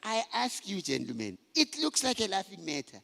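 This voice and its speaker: A middle-aged man speaks to a conference hall in a high, gravelly voice. He tells his stories with lively swings in pitch and bursts of shouting. Long hall reverb hangs on every word. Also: a little fast. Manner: animated storytelling, shouting for emphasis. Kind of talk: motivational talk to men.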